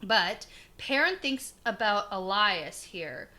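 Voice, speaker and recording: A woman co-hosting a podcast in casual chat, chatty and giggly, drifting into quick tangents. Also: mid-range voice, animated, pushed and bright. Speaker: podcast co-host.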